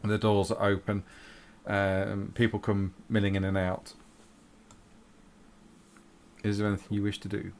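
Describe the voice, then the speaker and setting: A man's voice: lowish voice, completely flat delivery, a little fast, creaky, a little hiss or hum. A man narrating a tabletop game as game master, hesitant, with many fillers.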